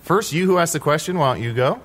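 A man's voice: on the high side, lively intonation, fast talker, fairly bright tone, slight background noise. A man improvising playfully as a player in a comedy tabletop game.

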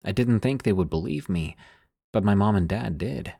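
A man reading listener-sent scary stories aloud as a narrator, in a measured storytelling delivery that sinks quieter on the eerie lines. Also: fairly low pitch, expressive, creaky, no echo, clean studio sound.

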